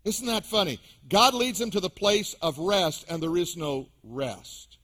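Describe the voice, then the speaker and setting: High-voiced man preaching with humor. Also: measured pace, a bit bright. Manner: storytelling, humorous, addresses the congregation directly. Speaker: pastor. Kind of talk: sermon.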